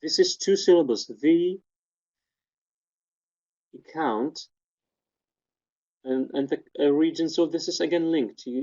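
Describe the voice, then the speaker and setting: Over dull, lo-fi webinar audio, a man methodically lectures on spectrograms, showing each sound detail in turn. His voice is a little high and a little mellow.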